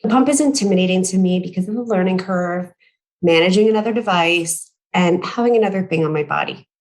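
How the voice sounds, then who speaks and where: A woman nearing forty reading a prepared conference talk in a measured, careful way, now and then clearing her throat and correcting herself. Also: on the low side, low-quality recording. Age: late 30s. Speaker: patient speaker at a medical conference.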